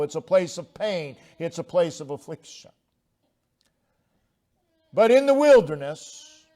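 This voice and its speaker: Slow, measured male preacher. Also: darkish tone. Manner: slow, measured preaching that builds up and then drops low. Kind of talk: sermon. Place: church sanctuary.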